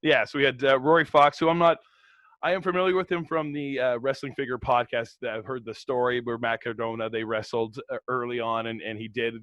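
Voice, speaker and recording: A man's voice: medium pitch, little pitch movement, fairly quick, a bit bright, no room sound, dull audio. Laid-back man on a podcast, dry sound. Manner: laid-back, lots of fillers and laughs. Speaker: podcast co-host. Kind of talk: casual wrestling recap chat.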